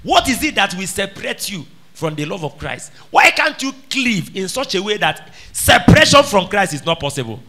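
A man preaching with a bright, high voice that leaps up and down as he drives his points home. He fires repeated questions at the congregation and swings from shouted lines to quiet ones. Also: sing-song, moderate pace. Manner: emphatic, calls out questions to the congregation. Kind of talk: sermon.

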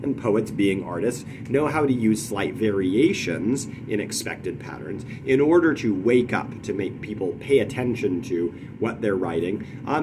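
Lively, low-voiced man teaching poetry. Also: noisy background. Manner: lively, tapping out rhythms with nonsense syllables. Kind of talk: explanatory lesson.

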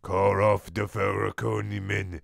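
A man voicing a scheming, theatrical young villain in a comic fanfic reading, with a slow, mock-menacing delivery. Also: fairly low pitch, little pitch movement, gravelly, no echo, clean studio sound, exaggerated voice.

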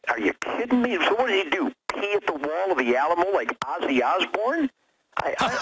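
Fiery, emphatic man on a noisy line. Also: mid-range voice. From United States. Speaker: radio show guest. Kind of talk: impassioned radio interview.

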